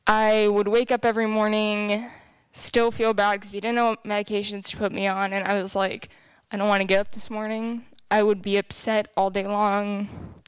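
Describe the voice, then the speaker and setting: A young woman sharing her personal testimony with a church group, candid and emotional as she tells her story. Her voice is smooth and resonant, recorded close and dry with no room sound. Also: mid-range voice, little pitch movement, normal speed, no room sound. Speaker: speaker giving a personal testimony.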